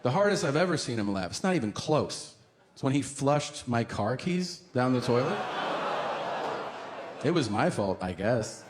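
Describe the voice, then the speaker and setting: A man in his thirties doing a stand-up comedy routine on a club stage, telling stories with lively acted-out voices and sudden yells. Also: mid-range voice, normal speed, heavy background noise. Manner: animated storytelling, acts out voices, bursts into yelling. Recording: live club with loud crowd laughter.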